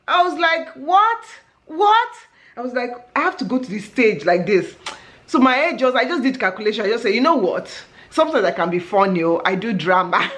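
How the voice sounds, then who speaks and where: A middle-aged woman, telling a story in an animated way as a vlog host, laughing often and acting out her exclamations. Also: on the high side.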